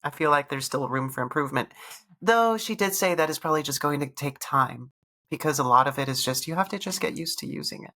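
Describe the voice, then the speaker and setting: A woman's voice: low voice, expressive, fast talker, a bit bright. A woman co-hosting a podcast in casual chat, asking curious follow-up questions. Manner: inquisitive, asks follow-up questions. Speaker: podcast co-host.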